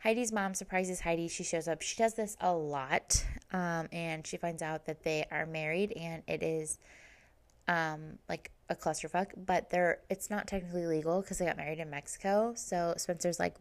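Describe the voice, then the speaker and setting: Woman podcaster with a fairly low voice, loose and chatty, leans on filler words. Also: steady tone, measured pace. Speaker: podcast host. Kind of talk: casual TV recap chat.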